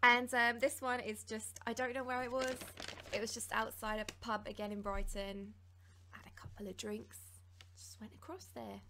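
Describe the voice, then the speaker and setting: A woman hosting a casual taste-test vlog, bubbly and excitable, gasping and giggling. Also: on the high side, moderate pace, a little hiss or hum. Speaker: YouTuber.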